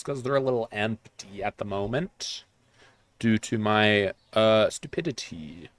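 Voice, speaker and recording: In casual let's-play commentary, a man streams a video game and chats, rambling in a jokey, self-mocking way. His voice is medium-pitched, with no echo.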